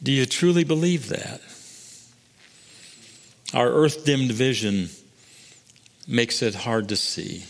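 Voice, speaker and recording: A man preaching a sermon as pastor, swinging between soaring emphatic lines and hushed, intimate ones. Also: medium pitch, takes it slowly, vocal fry, pauses often, long reverb tail.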